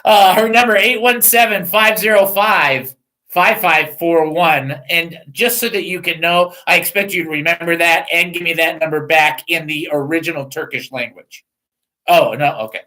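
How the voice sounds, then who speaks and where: A middle-aged man hosting a casual talk radio show, joking and rambling in a self-mocking way and reading out phone numbers slowly. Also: a little high, sharp tone, low-quality recording.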